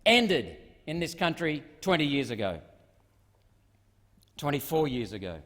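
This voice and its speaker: A man's voice: fairly high pitch, big pitch swings, unhurried, a bit bright. A middle-aged Australian man giving a combative parliamentary speech, firing off repeated rhetorical questions. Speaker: senator. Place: parliament chamber. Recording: long reverb of a large chamber.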